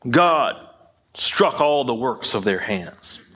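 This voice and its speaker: A man's voice: medium pitch, big pitch swings, takes it slowly, pushed and bright. A man preaching a sermon in an emphatic way, often repeating phrases and tripping over his words. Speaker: pastor.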